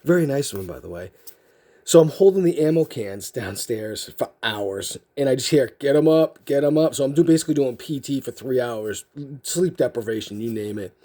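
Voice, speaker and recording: A man's voice: mid-range voice, animated, moderate pace, mellow. A man telling a story casually as a card video host, rambling with lots of fillers and restarts.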